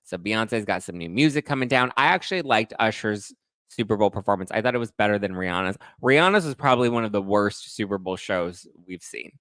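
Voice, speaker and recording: Young guy hosting a gossip show, lowish voice, dry close mic, chatty and animated. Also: a little fast, no echo. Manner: gossipy, animated, sweary, acts out others' voices. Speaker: pop culture podcast host. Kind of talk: casual chat to camera.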